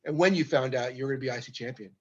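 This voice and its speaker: A man hosting an interview, asking questions in casual chat with an enthusiastic, animated manner. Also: medium pitch, racing, lo-fi sound. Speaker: podcast host.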